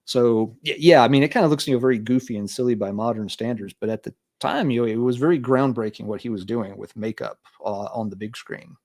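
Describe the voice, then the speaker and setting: A man's voice: mid-range voice, fairly quick, hardly any pauses, darkish tone, dry recording, clean studio sound. A man hosting a podcast in casual chat, rambling with lots of fillers and self-mocking humor, a little worn from coughing. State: coughing a lot. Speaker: podcast host.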